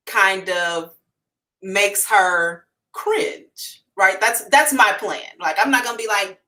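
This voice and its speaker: A woman hosting a psychic livestream, telling a story to her viewers in a frank, animated way, swearing casually and addressing them directly. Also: medium pitch, distant mic, rough recording. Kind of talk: storytelling to a live audience.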